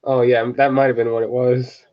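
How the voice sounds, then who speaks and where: A man chatting casually and animatedly, laughing often and slipping into quick character voices. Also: mid-range voice, level tone. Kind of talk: casual chat. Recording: dull lo-fi sound.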